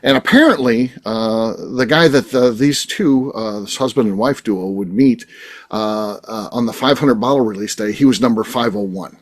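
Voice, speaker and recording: A man's voice: medium pitch, moderate pace. A man hosting a casual chat show, telling a story in a rambling way with many fillers and restarts over a video call. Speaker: podcast host.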